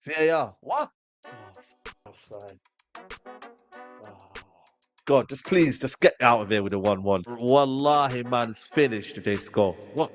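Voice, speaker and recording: A man, a football pundit reacting loudly to a live match, swinging from yelps to groans. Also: medium pitch, big pitch swings, unhurried, long pauses, faint music behind.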